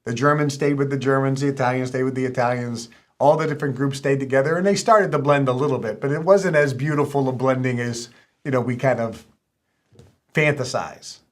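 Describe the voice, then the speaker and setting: A man's voice: medium pitch, fairly quick. A man speaking in an emphatic, lecturing way. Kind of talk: speech.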